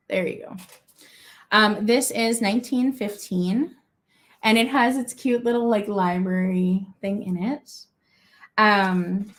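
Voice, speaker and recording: A young woman from Minnesota hosting a live-stream vintage auction, chatty and gushing, with lots of fillers and asides. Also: medium pitch.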